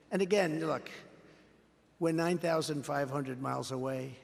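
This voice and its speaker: With vocal fry in a high-leaning voice, an older man speaks at a moderate pace during a rally, bragging, repeating himself, and acting out dialogues. Long reverb from the large hall hangs on every line.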